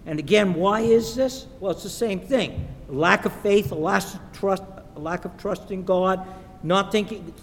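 A man preaching a sermon in a church, slow and emphatic, sometimes acting out the voices of the people in his stories. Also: a bit bright. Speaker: pastor. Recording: echoey hall with faint rumble.

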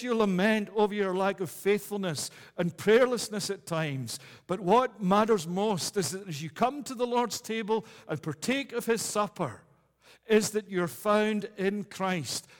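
A male pastor with a notably high voice delivers an earnest communion sermon, returning again and again to key phrases for emphasis. His voice carries a long reverb from the church hall.

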